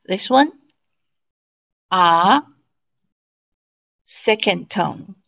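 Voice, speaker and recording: Female teacher, very slow and deliberate delivery, online class. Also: medium pitch, creaky. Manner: slow, deliberate, drawn-out demonstration of sounds. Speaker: Mandarin teacher. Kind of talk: slow online language lesson.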